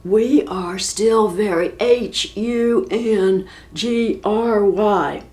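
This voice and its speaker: A woman voicing rude, hungry giants in a storybook reading, loud and slow. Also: mid-range voice.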